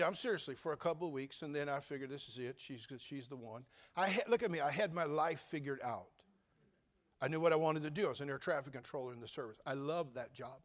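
A man preaching a sermon, telling his own story with humor and big swings between loud and quiet. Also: mid-range voice. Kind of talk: sermon testimony.

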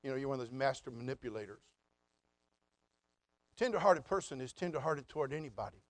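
A middle-aged man preaching a sermon as pastor in a folksy, animated way, with asides and mocking voices. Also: medium pitch, brisk, no echo.

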